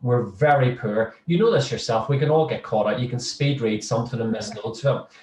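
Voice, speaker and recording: A man's voice: medium pitch, a little fast, a little mellow. A middle-aged man, a social work lecturer, chatting humorously in an interview with many restarts. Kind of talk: casual interview chat. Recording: roomy, distant mic.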